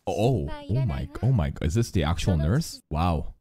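Over crowd noise, a man reacts live to an anime episode with casual commentary, laughing often and talking back at the screen in an excitable, foul-mouthed way. He has a low voice and speaks at a normal speed.

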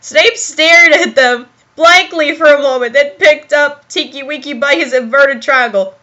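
A woman's voice: sits high, measured pace, pushed and bright, muffled recording. A young woman giving a comic dramatic reading of a fan story, giggling and exclaiming as she goes. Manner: giggly, exclaiming, self-interrupting. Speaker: reader of fan fiction.

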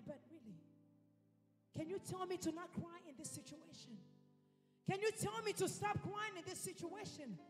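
High-voiced woman preaching in a hall. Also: moderate pace. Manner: emphatic, repeats phrases for effect. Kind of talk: sermon. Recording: reverberant hall with faint music.

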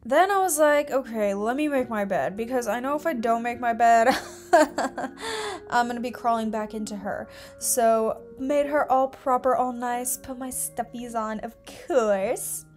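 A woman's voice: on the high side, a little slow. A young woman narrating a day-in-my-life vlog, bubbly and chatty with trendy slang and frequent laughs. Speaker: vlogger. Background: music.

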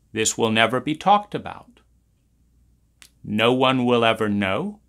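Male trauma teacher, slow and deliberate, bright tense tone, intense and profane. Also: mid-range voice, sing-song. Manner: intense, profane, repetitive emphasis. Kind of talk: impassioned monologue.

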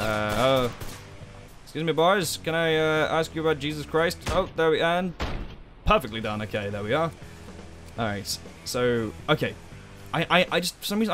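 A young man giving sweary, sarcastic commentary while playing a game as a let's play host. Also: medium pitch. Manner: sweary, sarcastic, exasperated outbursts. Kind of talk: gameplay commentary.

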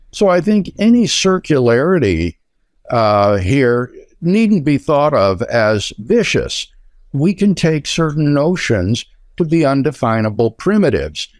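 A man replying in an academic debate, speaking in a measured, deliberate way. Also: medium pitch, no echo, clean studio sound. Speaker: philosopher in a debate.

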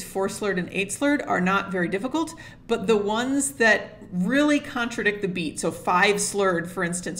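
A woman string teacher explaining practice methods step by step in a steady, methodical way. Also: medium pitch. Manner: methodical, steady, breaks steps down one at a time; sings rhythms on nonsense syllables to illustrate. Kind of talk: instructional explanation to camera.

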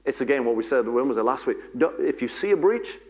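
Male pastor, mid-pitched, passionate sermon delivery, repeats lines, prays aloud. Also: lively intonation, fast. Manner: fervent, repeats key phrases for emphasis; breaks into prayer and declarations. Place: church service.

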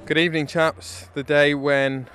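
A man's voice: fairly high pitch, level tone, a little slow, a bit bright, faint music behind. A man, giving a wry, rambling spoken dispatch as a correspondent. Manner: wry, rambling, self-mocking.

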